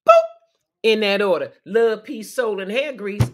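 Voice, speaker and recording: A woman hosting a casual inspirational livestream talk. She is sassy and preachy and laughs often between phrases. Her delivery drifts from hushed, reflective lines to loud, emphatic outbursts. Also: mid-range voice, unhurried. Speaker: livestream host.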